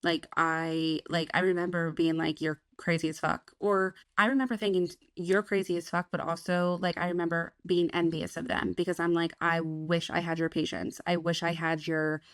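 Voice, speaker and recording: On a podcast, a young female co-host talks frankly and casually, swearing freely and acting out her past thoughts by quoting herself in voices. Her voice is fairly low in pitch yet fairly bright in tone, with no echo.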